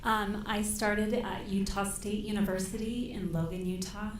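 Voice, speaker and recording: A woman's voice: medium pitch, fairly even intonation, normal speed, a little hiss or hum. A middle-aged woman from Idaho giving nervous, careful testimony as a witness at a microphone in a courtroom. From Idaho, USA. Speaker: trial witness. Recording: echoey courtroom audio.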